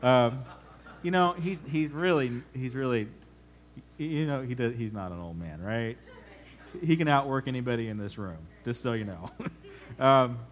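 Animated man preaching with funny stories. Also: medium pitch, moderate pace. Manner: animated storyteller, acts out voices, laughs often. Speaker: pastor. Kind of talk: conversational sermon with stories.

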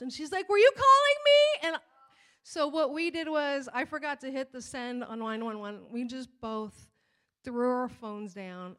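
A woman pastor preaching in a conversational, animated way, retelling a family story and scripture with acted-out quotes. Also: on the high side. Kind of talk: sermon with personal storytelling.

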